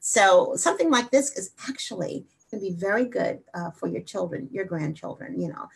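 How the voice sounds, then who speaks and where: Woman wellness host, breathy husky voice, energetic chat, slow guided meditation. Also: mid-range voice.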